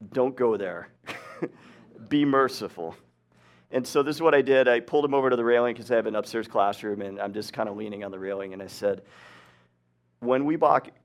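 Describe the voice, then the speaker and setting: A man delivering a relaxed sermon to a live congregation, mixing scripture with stories from his teaching days. He talks in an easygoing, chatty way, laughs often and keeps checking that the room follows him. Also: mid-range voice. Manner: conversational, laughs often, checks in with "right?" and "okay?". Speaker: preacher and teacher. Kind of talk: casual sermon. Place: hot upstairs room, live audience.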